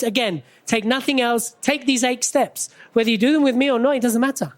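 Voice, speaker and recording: A lively speaker on an expo stage delivers a motivational business talk into a stage microphone. The delivery is conversational and punchy, with frequent quick questions to keep the audience involved. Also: mid-range voice. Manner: keeps checking in with the audience through quick questions; energetic, conversational, punchy short phrases. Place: stage at a live expo event.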